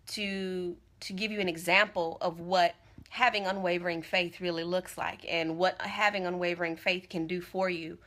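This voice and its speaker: A woman's voice: mid-range voice, bright, forceful tone. A woman speaking casually and earnestly on a phone livestream, encouraging her viewers and repeating phrases for emphasis. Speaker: motivational speaker. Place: Tampa.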